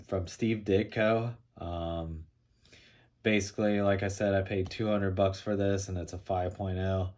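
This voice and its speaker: A man casually showing off and talking through comic books he bought, in a relaxed, rambling way with frequent fillers. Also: mid-range voice. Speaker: comic book collector showing his haul. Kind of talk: casual show-and-tell vlog.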